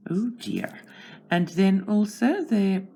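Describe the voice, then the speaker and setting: At home, a South African woman who hosts a channel chats casually while she colors, talking herself through each step with a self-deprecating streak. Her voice sits at a medium pitch and sounds warm and animated, moving at a slow pace over a faint hiss or hum.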